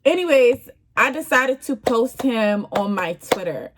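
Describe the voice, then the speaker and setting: A woman's voice: on the high side, lively intonation, measured pace, background noise. Chatty young woman telling a storytime. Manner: chatty, slangy, exasperated storytelling. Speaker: vlogger. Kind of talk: casual storytime.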